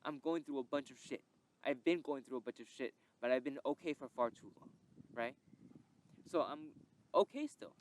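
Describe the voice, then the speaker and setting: Speaking at a moderate pace in a mid-range, slightly mellow voice, this young podcast host shares a candid, emotional personal story. His reflective monologue rambles and includes swearing.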